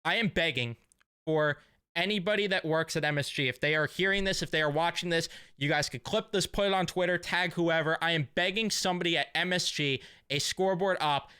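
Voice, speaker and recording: A man's voice: on the high side, brisk, sharp tone, clear, resonant tone, dry recording, clean studio sound. A young man hosting a sports fan vlog, talking in a casual, emotional, rambling way full of fillers. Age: young adult. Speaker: sports fan channel host.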